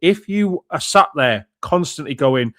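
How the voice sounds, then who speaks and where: A man's voice: on the high side, animated, unhurried, fairly bright tone, no room sound, clean studio sound. A man co-hosting a political podcast, speaking in an enthusiastic, rallying way. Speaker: podcast co-host.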